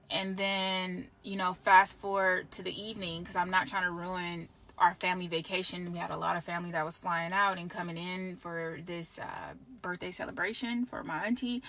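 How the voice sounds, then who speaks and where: A woman's voice: on the low side, pushed and bright. A woman telling a personal story in a heartfelt, rambling way, with many fillers, a mother with kids. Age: adult with children. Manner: heartfelt, rambling, lots of "like" and "I'm just like". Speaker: laid-off employee sharing her story.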